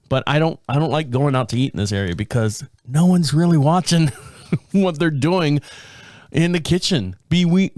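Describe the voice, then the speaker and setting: A man's voice: fairly high pitch, no echo. A middle-aged man hosting a podcast, telling a rambling, exasperated story with plenty of swearing from his home studio. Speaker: podcast host. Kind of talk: casual solo rant.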